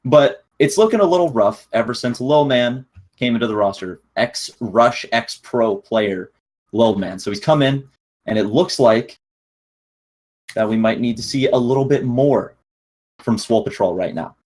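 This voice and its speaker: Husky-voiced man, joking podcast co-host. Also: medium pitch, normal speed, darkish tone. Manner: upbeat, joking, laughs easily. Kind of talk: casual podcast chat.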